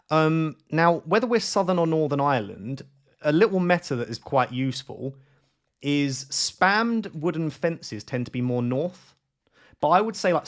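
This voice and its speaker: Chatty man thinking aloud. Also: medium pitch. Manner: chatty, rambling, self-mocking, thinks aloud with many fillers. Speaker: streamer. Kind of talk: casual live-stream commentary while playing a map guessing game.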